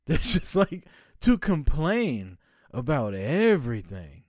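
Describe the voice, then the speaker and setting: A man's voice: on the high side, huge pitch swings, slow, dry recording, studio quality. Blunt, profane man hosting a podcast. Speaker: podcast co-host. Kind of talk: casual podcast banter. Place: home podcast studio.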